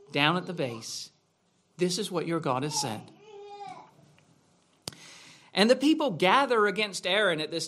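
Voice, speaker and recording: A man's voice: high-pitched, pushed and bright. A man preaching a sermon in a church, asking rhetorical questions in a conversational way. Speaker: pastor.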